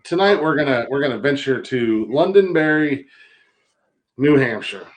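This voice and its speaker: A man's voice: medium pitch, animated, normal speed, poor audio. A middle-aged man hosting a podcast in casual chat, wry and laid-back, swearing and reading out news stories. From Johnstown area, Pennsylvania. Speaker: podcast host.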